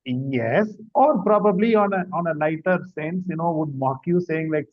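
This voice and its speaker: A man's voice: on the high side, normal speed, lo-fi sound. A man hosting a podcast interview, affirming his guest and framing questions casually. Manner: affirming, frequent short agreements. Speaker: podcast host.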